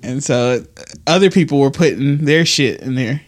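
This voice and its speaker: A man in his thirties co-hosting a casual, explicit podcast, telling stories with lively energy, reading texts aloud and laughing often. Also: mid-range voice, moderate pace. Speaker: podcast co-host.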